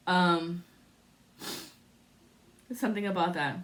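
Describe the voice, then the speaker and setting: Slow, musing woman reading tarot. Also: on the low side, animated, fairly bright tone. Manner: rambling, musing, frequent laughter. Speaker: tarot reader. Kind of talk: spiritual tarot reading vlog.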